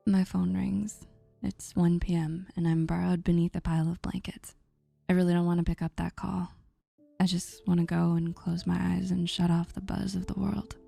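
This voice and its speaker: A woman narrating a first-person story in a soft, slow, often breathy near-whisper. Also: lowish voice.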